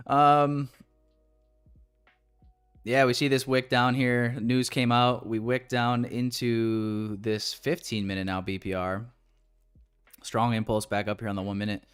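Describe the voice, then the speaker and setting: A man day-trading live on stream, bantering with his chat in a loose, joking tone with plenty of swearing. His voice sits mid-pitch, with faint music playing under him. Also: little pitch movement, slow, long pauses, clear, resonant tone.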